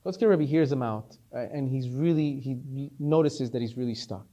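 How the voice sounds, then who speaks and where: A man, a rabbi, telling a story in a sermon, animated and repeating words as he stresses them. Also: mid-range voice, moderate pace, lo-fi sound.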